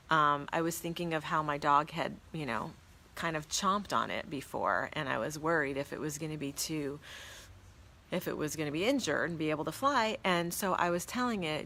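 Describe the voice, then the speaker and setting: Awed woman telling a story, low voice. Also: normal speed, sharp tone. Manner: earnest, awed, reverent. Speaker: spiritual teacher hosting a live stream. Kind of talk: casual storytelling to viewers.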